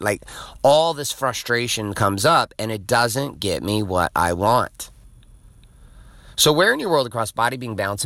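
A middle-aged man hosting a podcast, telling a story in a blunt, profane, animated casual monologue. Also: fairly low pitch, no echo. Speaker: podcast host.

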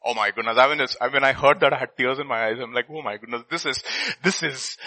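A man preaching a sermon, reading scripture and swinging from loud bursts to quiet asides. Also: mid-range voice, quick pace, rough recording.

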